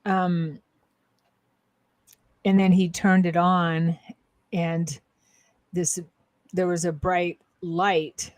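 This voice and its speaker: A woman's voice: lowish voice, flat delivery, extremely slow, long pauses, dry recording. A woman co-hosting a casual spiritual talk show as a psychic-medium, telling her story in a rambling, hesitant way with many fillers and restarts.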